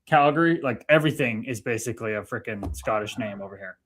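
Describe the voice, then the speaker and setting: A man's voice: mid-range voice, fast talker, fairly bright tone, a little hiss or hum. A man from Canada hosting a casual livestream, chatting easily and reading out viewer comments. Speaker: livestream host.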